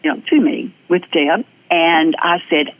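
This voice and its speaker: Southern lady guest telling her story, earnest and lively, lots of ums, sounds like a tinny phone call. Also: fairly low pitch, measured pace, vocal fry. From American South. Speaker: guest, energy practitioner. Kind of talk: personal storytelling in an interview.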